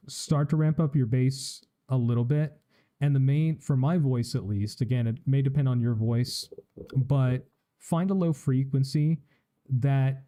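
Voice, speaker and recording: A man's voice: medium pitch, warm tone. A man streaming a casual tutorial from his home setup, explaining microphone settings into a studio mic. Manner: explanatory, casual, tests mic with test phrases. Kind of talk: live-stream tech tutorial. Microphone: studio microphone with live effects.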